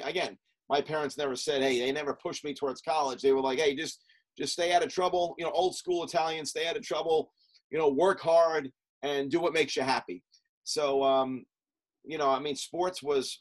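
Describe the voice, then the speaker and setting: A middle-aged man, a podcast guest and coach, telling stories from his past in a casual interview, with many fillers and quick lists. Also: medium pitch, poor audio.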